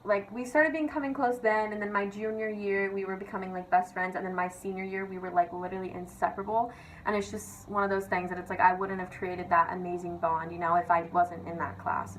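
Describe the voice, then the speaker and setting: A woman's voice: lowish voice, fairly bright tone, a little hiss or hum, poor audio. A young woman vlogger rants casually and confessionally, chatty and sweary, leaning on "like" and "literally". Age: young adult.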